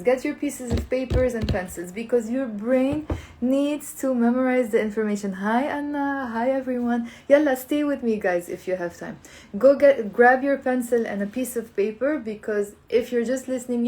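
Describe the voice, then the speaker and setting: A woman's voice: on the high side, darkish tone, a little hiss or hum, poor audio. Upbeat woman teaching live. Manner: upbeat, coaxing, repeats words slowly for learners. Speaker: language teacher. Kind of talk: live online language lesson.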